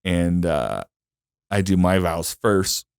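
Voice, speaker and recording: A man's voice: sits low, animated, slow, creaky, clear, resonant tone, no room sound, clean studio sound. A man co-hosting a podcast, recounting his wedding day in casual chat, emotional and full of fillers. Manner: emotional storytelling with lots of fillers. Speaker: podcast co-host.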